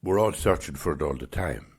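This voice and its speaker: Male podcast host, reflective spiritual talk, very low husky voice, gravelly edge. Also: expressive. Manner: gentle, musing, unhurried.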